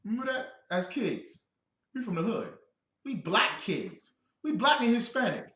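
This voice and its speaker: Man, scripture teacher, loud and joking, lively high voice, roomy echo. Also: normal speed. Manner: loud, joking, calls on listeners to answer. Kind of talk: animated scripture breakdown.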